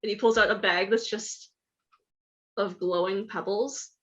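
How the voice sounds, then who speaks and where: A woman's voice: mid-range voice, steady tone, unhurried, husky. A woman narrating as game master of a tabletop game in a casual, giggly way, full of fillers.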